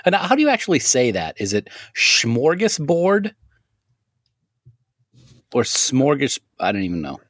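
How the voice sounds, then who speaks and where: A man's voice: on the low side, wildly swooping pitch, very fast, few pauses, dry recording, clean studio sound. A man co-hosting a podcast, self-deprecating and jokey in casual banter. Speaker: podcast co-host.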